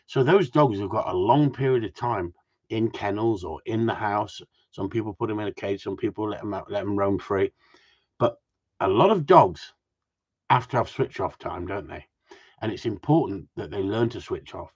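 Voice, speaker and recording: Speaking at a moderate pace in a low, breathy voice, a gundog trainer rambles to his viewers outside in the cold. He reads their comments and jokes along the way, and the audio sounds muffled and lo-fi.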